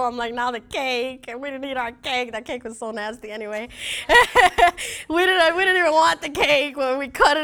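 A middle-aged woman pastor delivers a sermon in a high, bright voice. She tells stories in an animated way, acting out bits of dialogue as she goes. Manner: animated storytelling with laughs and acted-out dialogue.

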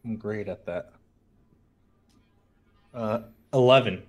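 A man's voice: on the low side, slow, a little mellow, faint music behind. A man playing a tabletop game, talking casually, swearing and laughing as he plans his moves. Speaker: player.

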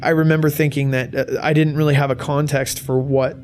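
A young adult man giving a personal testimony to an audience, halting and emotional, with many restarts. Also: mid-range voice, flat delivery, a little mellow. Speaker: guest speaker.

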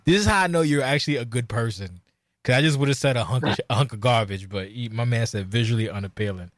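A man's voice: medium pitch, quick pace, no room sound, clean studio sound. A man hosting a casual interview, joking loosely and often repeating his words. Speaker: podcast host.

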